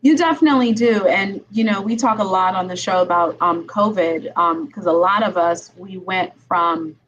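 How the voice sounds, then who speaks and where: A woman's voice: on the low side, moderate pace, fairly bright tone. A woman attorney hosting a podcast interview, talking in a chatty, conversational way. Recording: slightly dull sound with faint background noise.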